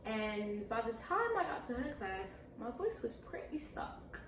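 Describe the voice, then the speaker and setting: A young woman vlogger answering viewer questions, telling stories in a lively, chatty way and acting out the voices of the people in them. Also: a little high, a little slow, few pauses. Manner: animated, chatty, acts out quoted voices. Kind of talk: casual storytelling Q&A. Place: indoors at home, seated with a pillow. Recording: echoey room, mic at a distance, faint hiss.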